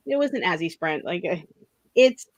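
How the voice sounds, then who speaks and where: A woman's voice: fairly low pitch, expressive, normal speed, dry recording, highs cut off. A young woman hosting a casual productivity stream, chatting in a rambling way and laughing often, sounding drowsy. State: yawning, drowsy. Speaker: streamer host. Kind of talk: casual chat.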